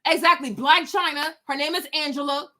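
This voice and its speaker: A woman's voice: sits high, a little fast, sharp tone. A woman hosting a livestream from outdoors, giving emphatic, opinionated commentary full of repeated rhetorical questions. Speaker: livestream host.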